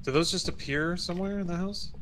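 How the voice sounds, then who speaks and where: A man goofing around and pitching silly ideas while playing a horror game with friends. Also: fast talker, fairly bright tone, a little hiss or hum. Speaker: game player and guest.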